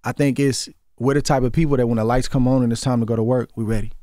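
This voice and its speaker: A man's voice: mid-range voice, steady tone, quick pace, mellow, no echo. Earnest Oakland-accented man in a studio. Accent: Oakland, Bay Area. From Oakland, California. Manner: earnest, repeats words as he builds a thought. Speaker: guest, former boxer. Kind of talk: casual interview conversation. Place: radio studio. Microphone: studio microphone.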